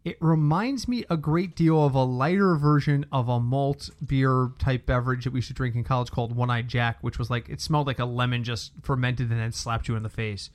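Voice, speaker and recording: A man's voice: mid-range voice, fairly quick, hardly any pauses. Chatty middle-aged New man. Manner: storytelling, animated anecdotes. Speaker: podcast co-host. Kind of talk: casual chat.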